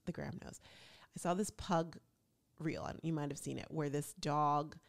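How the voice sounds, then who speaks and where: A woman hosting a show, chatting casually and telling a lively personal story. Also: sits low, moderate pace, creaky. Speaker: podcast host. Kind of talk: casual chat.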